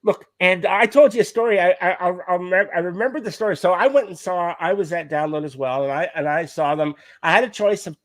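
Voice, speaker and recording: A man's voice: high-pitched, fast, hardly any pauses, no echo. A man co-hosting a casual music chat, telling stories animatedly and swearing a lot. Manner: animated storytelling, heavy swearing. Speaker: podcast co-host.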